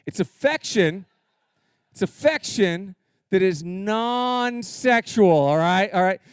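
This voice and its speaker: Energetic man preaching a sermon. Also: sits high, slow pace, smooth, no room sound, studio quality. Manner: energetic, humorous, calls for audience response. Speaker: pastor. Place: church sanctuary.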